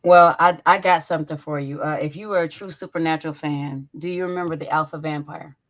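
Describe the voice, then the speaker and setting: Animated, foul-mouthed young woman host. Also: deep voice, a little fast. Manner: animated, profane storytelling. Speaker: podcast host. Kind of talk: casual chat.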